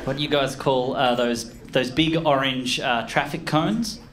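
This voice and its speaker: A man with an Australian accent doing an animated stand-up comedy set, telling stories with loud voiced impressions. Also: medium pitch, unhurried. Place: comedy club stage with audience laughter. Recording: echoey club with loud room noise.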